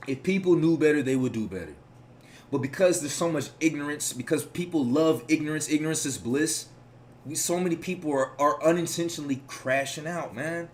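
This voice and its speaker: High-voiced, preachy commentator man. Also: a little hiss or hum. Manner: profane, preachy, rambling, lecturing. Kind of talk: casual reaction commentary.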